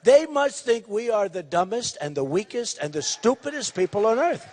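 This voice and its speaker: A man in his sixties giving a campaign rally speech, loud and repetitive, hammering his points with emphasis. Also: sits high, sing-song, normal speed, in a large hall. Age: 60s. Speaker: political candidate.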